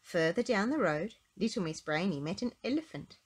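Expressive woman reading a picture book aloud. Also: mid-range voice, moderate pace, slightly rough. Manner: expressive, sing-song. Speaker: storybook reader. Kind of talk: children's read-aloud narration.

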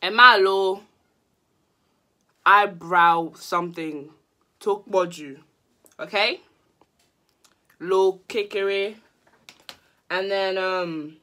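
A woman's voice: mid-range voice, a bit bright. A young woman, laughing often as she talks through a makeup tutorial in a casual vlog. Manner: giggly, mixes Yoruba and English. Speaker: vlogger.

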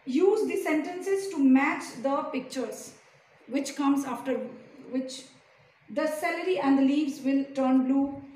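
A woman teacher giving a slow, deliberate lesson to young pupils, asking them many questions. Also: high voice, dark tone. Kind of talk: recorded classroom lesson. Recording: echoey room, distant mic, faint hiss.

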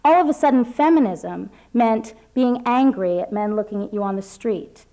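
A young woman's voice, hoarse because she is losing it, pitched a little high for a woman. She reads a prepared talk to a lecture hall, soft and measured. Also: lively intonation. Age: 20s. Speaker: guest speaker.

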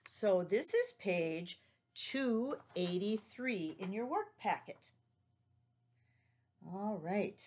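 A woman's voice: mid-range voice, expressive, very slow, long pauses, darkish tone. A woman teacher giving a recorded lesson to young children, patient and encouraging, explaining each step. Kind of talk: recorded remote class lesson.

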